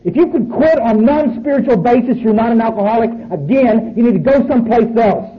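Blunt, high-voiced man preaching. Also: expressive, fairly quick. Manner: blunt, profane and emphatic. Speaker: recovery meeting speaker. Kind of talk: speaking to an audience. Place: room full of people. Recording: muffled recording with faint noise.

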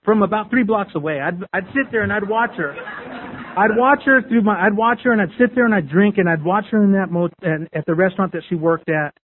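High-voiced man telling his story over a thin line. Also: fairly quick, slight background noise. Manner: candid, repetitive storytelling. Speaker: speaker sharing his recovery story. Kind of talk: personal testimony to a group. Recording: tinny phone-like radio sound.

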